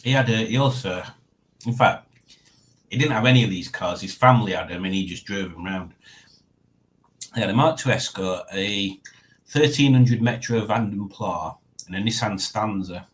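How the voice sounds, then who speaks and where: A man's voice: lowish voice, normal speed, pauses often, poor audio. A man hosting a casual live stream, chatting and reading out viewer comments with frequent laughs. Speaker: livestream host.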